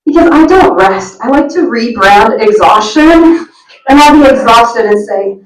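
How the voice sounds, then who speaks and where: A woman delivers self-mocking stand-up with animated punchlines. Her voice is high and swings widely in pitch. The sound comes from a roomy venue through a distant mic. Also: measured pace. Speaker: stand-up comic. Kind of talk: stand-up comedy.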